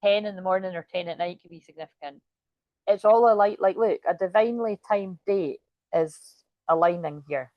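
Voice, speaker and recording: A woman gives a chatty tarot reading and rambles from card to card. Her voice sits at a middling pitch. The recording is dull, dry and lo-fi. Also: normal speed, dry recording. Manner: chatty, rambling, swears casually. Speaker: tarot reader.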